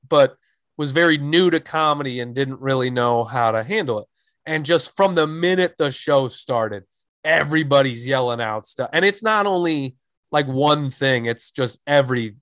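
A man's voice: medium pitch, a bit bright, no room sound. A man who is a stand-up comedian, telling stories in casual chat and rambling with many fillers and restarts.

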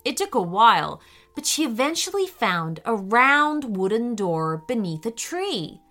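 A woman narrating a children's story in a slow, expressive way. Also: a little high.

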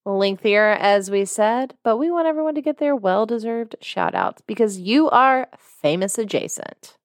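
A woman co-hosting a podcast in casual chat, chatty and quick with asides as she reads names and notes aloud. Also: medium pitch, expressive, dry recording, clean studio sound. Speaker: podcast co-host.

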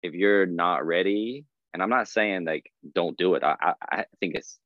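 A man talking casually on a podcast, animated and laughing as he acts out what people said. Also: deep voice, moderate pace, no room sound, phone-quality sound. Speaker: podcast guest.

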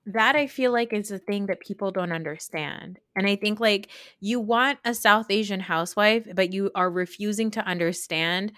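A woman's voice: medium pitch, moderate pace, few pauses, a bit bright, no echo, clean studio sound. A woman co-hosting a podcast in casual chat, talking bluntly and heatedly and swearing freely. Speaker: podcast co-host.

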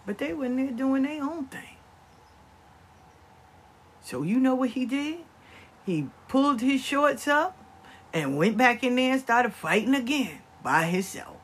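An older grandparent telling a family story to viewers in an animated, conversational vlog monologue. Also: sits high, unhurried, long pauses, husky. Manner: animated, acts out family members' voices. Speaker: vlogger.

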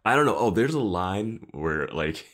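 A man with a very deep voice co-hosting a casual podcast. His intonation swings lively up and down as he talks. He makes laid-back remarks with chuckles and lets his sentences trail off. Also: moderate pace. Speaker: podcast co-host. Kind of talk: casual TV episode discussion.

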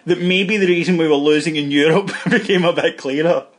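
A man's voice: a little high, a little fast. A Scottish man co-hosting a podcast, telling long rambling anecdotes in casual chat and laughing at his own stories. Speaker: podcast co-host.

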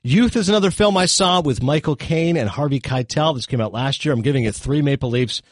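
A middle-aged man giving casual, animated film reviews on a talk show, full of quick asides and self-corrections. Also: on the high side, no room sound.

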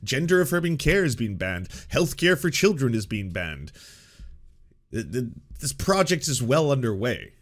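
A man's voice: medium pitch, sing-song, normal speed. A man hosting a commentary show, reacting to clips in a sarcastic, mocking and profane way.

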